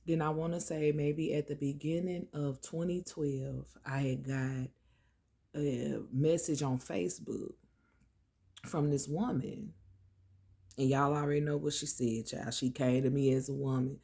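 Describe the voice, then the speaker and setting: A middle-aged woman, casually telling a personal story to her viewers, chatty and animated, calling them y'all and child. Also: low-pitched, unhurried, vocal fry, breathy edge. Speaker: vlogger.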